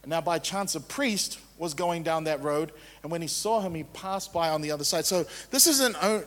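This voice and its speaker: A man's voice: on the high side, lively intonation, normal speed, few pauses, fairly bright tone, in a large hall. A man preaching a sermon as pastor, casual and conversational, driving points home with repetition.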